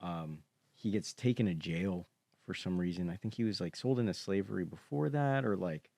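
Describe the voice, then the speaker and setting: Podcast co-host, man, very low voice, rambling and hesitant, dry close mic. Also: normal speed, gravelly, mellow, no room sound. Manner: rambling, hesitant storyteller full of fillers. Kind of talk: casual chat.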